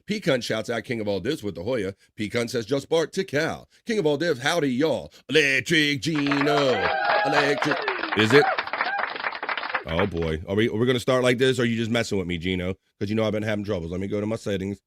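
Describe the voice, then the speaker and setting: A man's voice: lowish voice, lively intonation, fast, heavy background noise. A man hosting a casual live stream, reading viewer comments aloud and bantering with his chat. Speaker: livestream host reading chat. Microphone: studio microphone.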